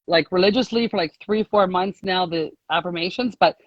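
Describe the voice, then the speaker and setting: A woman's voice: on the low side, brisk, dry recording. Woman, guest, chatty, rambling, laughs often, dull lo-fi call audio, dry. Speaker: guest sharing a success story. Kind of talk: casual storytelling on a live call.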